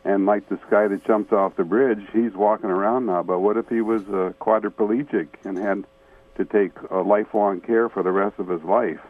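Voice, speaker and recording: A man's voice: lowish voice, fairly even intonation, moderate pace. A man calling in to a radio show, making his point in an earnest, plain-spoken way. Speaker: caller. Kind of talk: phone-in comment. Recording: tinny phone line.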